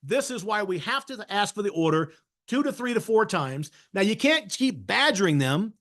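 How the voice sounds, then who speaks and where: High-voiced emphatic male sales trainer. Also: sing-song, moderate pace, fairly bright tone. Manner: emphatic, frequently tags points with "right?". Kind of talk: webinar masterclass talk.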